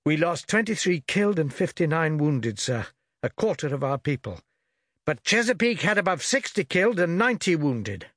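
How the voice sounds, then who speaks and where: A man's voice: a little high, big pitch swings, normal speed, fairly bright tone, dry recording, studio quality, voice pushed up. A man voicing a young naval lieutenant who answers in a terse, respectful, subdued way. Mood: grave.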